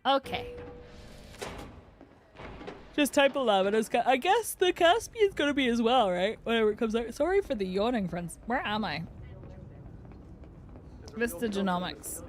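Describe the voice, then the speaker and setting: A woman's voice: fairly high pitch, expressive, moderate pace, long pauses, faint music behind. A woman live-streaming a video game, chatting casually and reading out chat messages with frequent laughs. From United Kingdom. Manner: chatty, giggly, reads chat aloud.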